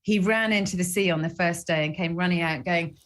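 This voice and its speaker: A woman's voice: lowish voice, fairly quick, heavy background noise. A British woman in her forties, a guest actress chatting in a TV interview, self-deprecating and rambling, laughing often. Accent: British English. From Britain. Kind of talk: TV interview chat.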